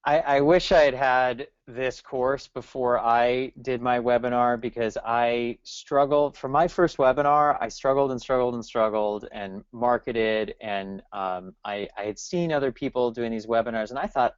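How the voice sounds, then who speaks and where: A man's voice: mid-range voice, normal speed, hardly any pauses, clear, resonant tone, no echo. Agreeable man on a dull webinar line. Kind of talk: casual chat on a webinar. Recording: dry, dull lo-fi webinar audio.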